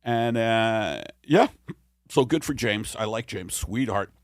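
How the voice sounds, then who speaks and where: A man's voice: lowish voice, slow pace, no echo, studio quality. A middle-aged man hosting a comedy podcast, rambling and self-deprecating, swearing freely as he chats. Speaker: podcast host. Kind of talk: casual comedy podcast chat.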